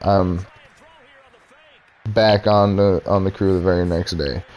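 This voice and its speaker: A man's voice: sits low, fairly even intonation, takes it slowly, a little mellow. Profane young man ranting about work. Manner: profane, heated retelling with quoted dialogue. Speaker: streamer. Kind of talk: casual storytelling rant.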